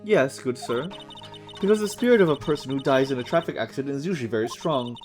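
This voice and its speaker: A man doing a stern older woman medium, stiff and overly polite, with a lively, rising and falling delivery. She sounds like a game character addressing a guest with chilly formality. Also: mid-range voice, fast, soft background music, close to an everyday voice. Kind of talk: reading game dialogue aloud on stream.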